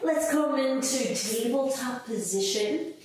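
In an echoey room with faint noise, a kids' yoga teacher's voice comes from a distance as she guides the class playfully and in a sing-song style, joining the children in animal sounds. Her voice sits high, with a slightly mellow quality and a slow pace.

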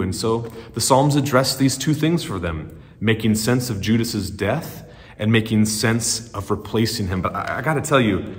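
A man preaching in a relaxed, storytelling way, his pitch sitting in an everyday middle range. He gets animated and acts out little quoted lines. His voice trails off into a long reverb. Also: normal speed. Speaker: pastor. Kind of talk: sermon. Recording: long church-hall reverb.

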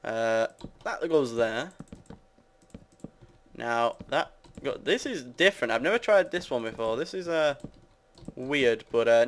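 A young man from the UK with a British accent talks his way through a building game, rambling and teasing his viewers. His voice sits at an ordinary middle pitch. Keyboard typing can be heard behind him. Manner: rambling, self-mocking, chatty with viewers. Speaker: gamer. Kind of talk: casual Let's Play commentary.

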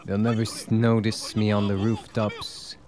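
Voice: mid-range voice, little pitch movement, measured pace, crowd noise. A young adult streamer giving live gameplay commentary, talking to themselves, swearing freely and laughing often.

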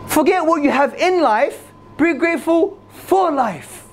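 A man giving an energetic religious lecture to a live audience, repeating key phrases for emphasis. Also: measured pace. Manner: swings between loud high emphasis and low asides. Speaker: Islamic lecturer.

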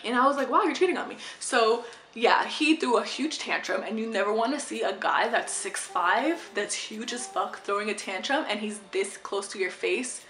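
A young woman in a casual storytime vlog, chatty and animated, swearing freely. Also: a little high, normal speed, echoey room. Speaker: vlogger.

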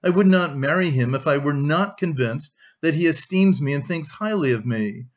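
A man's voice: on the high side, expressive, normal speed, highs cut off, lightly acted. A man reading an audiobook, voicing a proud young woman who speaks firmly and dryly. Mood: upset. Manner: firm, dry, cool.

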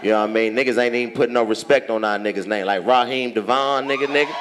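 A man with a Washington DC accent doing stand-up, ribbing the audience with loud, profane banter. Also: mid-range voice, steady tone, quick pace, hardly any pauses. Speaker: stand-up comedian. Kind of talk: crowd work stand-up. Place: large theater on stage.

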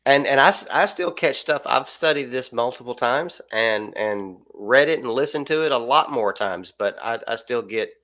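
A man's voice: mid-range voice, animated, normal speed, few pauses, pushed and bright. A man co-hosting a casual Bible study discussion, easygoing and enthusiastic. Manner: easygoing, enthusiastic, laughs often. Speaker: co-host of a Bible study show.

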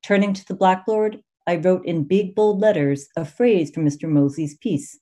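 A woman reading her own essay aloud at a student reading, measured and emphatic, with pointed pauses. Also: lowish voice, mellow. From United States. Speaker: MFA student reader.

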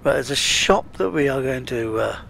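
Man, gravelly voice, slow-paced let's-play chatter, faint background hum. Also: mid-range voice, expressive, fairly bright tone. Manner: chatty, muttering to himself while playing. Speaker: gaming channel host. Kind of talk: casual let's-play commentary.

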